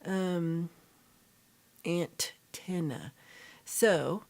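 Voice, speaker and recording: A woman on the low side, drawing out her words in a slightly mellow voice, hosts a laid-back livestream chat. She reads and responds to viewer comments in a rambling way, with fillers and self-corrections.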